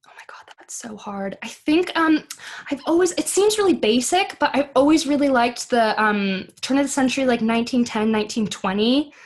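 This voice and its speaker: A young American woman, an actress, chatting on a podcast in a bubbly, rambling way full of asides. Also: high voice. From United States. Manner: bubbly, lots of "like" and quick asides. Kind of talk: casual chat.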